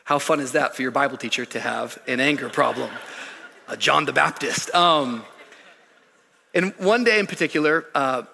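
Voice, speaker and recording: A male pastor preaching a sermon, telling a story in an animated, humorous way. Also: mid-range voice, moderate pace, creaky, long reverb tail, slight background noise. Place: church stage.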